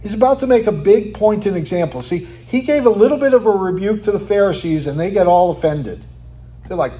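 A man preaching a sermon, asking rhetorical questions and tagging lines with "right?", sometimes dropping to a quiet, almost whispered tone for emphasis. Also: high voice, animated, a little fast. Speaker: pastor.

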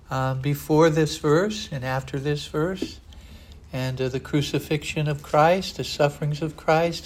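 An older man preaching a sermon in an earnest, rambling way, often pausing on "uh". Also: fairly high pitch. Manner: earnest, digressive, frequent "uh" fillers.

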